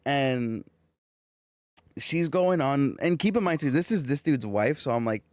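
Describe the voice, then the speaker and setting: A man's voice: medium pitch, unhurried, no echo, studio quality. A young man from California co-hosting a podcast, telling a long story in casual chat with lots of swearing and quoted exchanges. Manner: swearing, animated storytelling with quoted back-and-forth. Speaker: podcast co-host.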